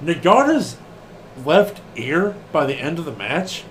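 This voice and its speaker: Animated man in casual wrestling chat. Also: a little high, measured pace, slight background noise. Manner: animated, laughing, swearing, acts out quotes. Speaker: podcast co-host.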